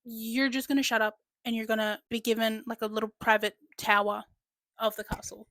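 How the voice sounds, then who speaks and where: A brassy, sharp-tongued widow, put on by a woman retelling a novel. She talks over anyone who tries to speak, and the swearing comes easily. The voice sits a little high and sounds dry and close. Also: little pitch movement, brisk, no room sound. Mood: defiant. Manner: brash, swearing, cutting people off. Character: grieving widow, blunt and foul-mouthed.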